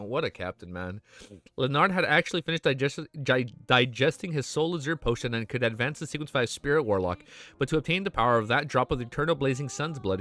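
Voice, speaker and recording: A man's voice: mid-range voice, a bit bright. A young man streaming, reading a web novel aloud and breaking off to gush, swear and say "dude". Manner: gushing, swears often, says "dude" a lot. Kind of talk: reading aloud with excited reactions.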